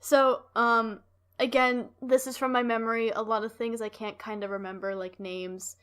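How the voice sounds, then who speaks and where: Woman podcast host, a bit high, chatty and rambly, lots of likes and ums. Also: little pitch movement, moderate pace, a bit bright, clear, resonant tone. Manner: rambling, laughs often, filler-heavy. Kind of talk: casual chat.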